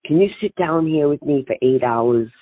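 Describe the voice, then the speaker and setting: A man's voice: a little high, moderate pace, husky, dry recording, pitched below the performer's own voice. A woman quoting a playful, eccentric male music star as she retells a night out, making abrupt, eager requests, over a tinny phone line. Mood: casual.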